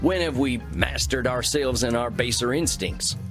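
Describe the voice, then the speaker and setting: An actor with a Southern American accent voicing a laid-back cowboy vampire therapist who talks in an easygoing, probing way in a video game. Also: male voice, mid-range voice, normal speed, music in the background, natural voice.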